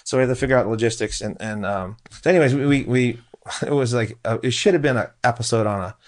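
Animated man telling a story. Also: mid-range voice, fast. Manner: animated, acts out quotes in a raised voice; frequent restarts and fillers. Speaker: food truck owner, guest. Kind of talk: casual storytelling.

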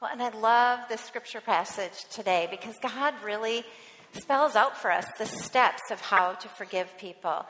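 A woman's voice: on the high side, moderate pace, fairly bright tone. A woman in her thirties giving an earnest sermon in a church, telling a story from her family life. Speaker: church speaker. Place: church sanctuary. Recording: long reverb of a large hall.

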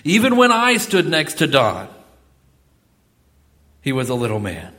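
A middle-aged male pastor preaching a sermon in a church, swinging between loud exclamations and soft asides. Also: medium pitch, huge pitch swings, unhurried. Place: church sanctuary.

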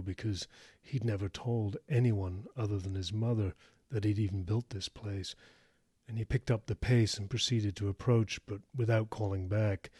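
A man narrating an audiobook in a steady, measured reading. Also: fairly low pitch, husky, no room sound, studio quality.

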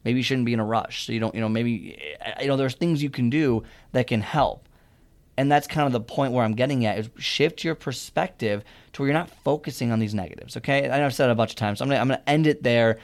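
A man's voice: mid-range voice, fast talker. A young man talking casually and earnestly about a fitness mindset, rambling and restarting his sentences as he gives advice. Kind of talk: casual motivational monologue.

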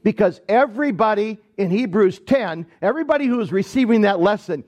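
A man from Michigan preaching a sermon to his congregation, telling a story in a conversational, animated way and talking directly to the people. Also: sits high, brisk. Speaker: pastor. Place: church sanctuary.

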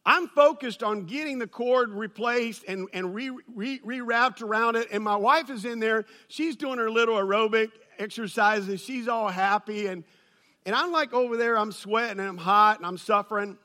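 A man preaching a sermon, telling a funny personal story and building to loud, excited peaks. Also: sits high, moderate pace. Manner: storytelling with humor, rises to shouting. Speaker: pastor.

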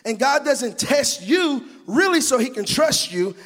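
A man preaching a sermon in a chanting, shouted cadence, mixing scripture with humorous personal stories. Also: very high-pitched, expressive, normal speed, in a large hall. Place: church sanctuary.

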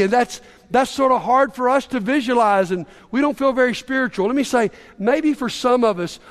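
A man preaching a casual, conversational sermon as a pastor, sometimes acting out the voices of the people he quotes. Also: sits high. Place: church sanctuary. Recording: reverberant church hall.

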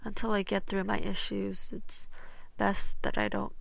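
Brief: woman reading sullen potions master, slow, gravelly, dry booth. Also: medium pitch, flat delivery, dry recording. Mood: guarded. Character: brooding adult male potions master in therapy. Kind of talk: audiobook fan fiction reading.

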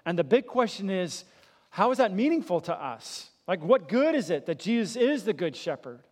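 A man preaching a sermon as pastor, swelling louder for emphasis and dropping low and soft, with casual rhetorical questions. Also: big pitch swings, normal speed.

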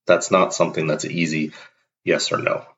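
A man with a low, deep voice delivers a blunt, emphatic motivational monologue as a show host. He acts out little everyday exchanges to make his points. The recording sounds dull and lo-fi. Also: flat delivery, normal speed, fairly bright tone.

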